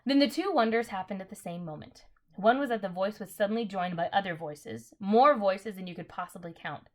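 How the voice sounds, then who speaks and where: A woman's voice: mid-range voice, brisk. A woman reading a children's novel aloud in a casual way, correcting her slips and adding apologetic asides. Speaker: reader.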